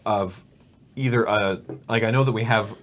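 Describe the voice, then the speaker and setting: A man in a casual brainstorming chat, rambling and acting out quick silly lines for sketch ideas. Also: on the low side, steady tone, a bit bright, a little hiss or hum. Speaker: comedy writer brainstorming sketches.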